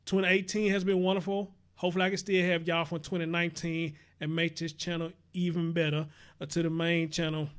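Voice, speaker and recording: A young man hosting a casual livestream, chatty and earnest, reading viewer comments and giving shout-outs. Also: on the high side, level tone, a little fast, clear, resonant tone. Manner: earnest preaching tone on serious topics. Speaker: livestream show host.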